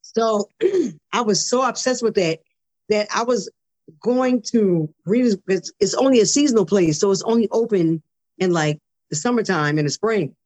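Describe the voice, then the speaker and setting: A woman guest on a podcast, telling her story in a casual, animated way, acting out conversations and repeating words when excited. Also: mid-range voice, moderate pace.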